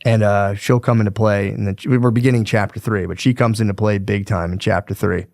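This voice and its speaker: Young male podcaster, low voice, dry close mic, slangy and swearing storyteller. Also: fairly even intonation, fairly quick, creaky, a little mellow, dry recording. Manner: profane, slangy, rambling with fillers. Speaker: podcast host. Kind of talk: casual history storytelling.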